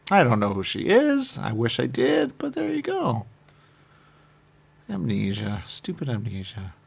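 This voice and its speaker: A man telling a rambling improvised comic monologue, laughing often and swinging from shouting to muttering. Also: mid-range voice, huge pitch swings, measured pace, creaky, breathy edge.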